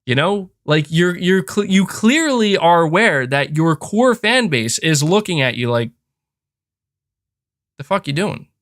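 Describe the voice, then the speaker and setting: A man's voice: a little high, animated, measured pace, hardly any pauses, a bit bright. A man hosting a podcast, talking in a casual, frustrated rant with lots of fillers and restarts. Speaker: podcast host. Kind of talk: casual opinionated chat.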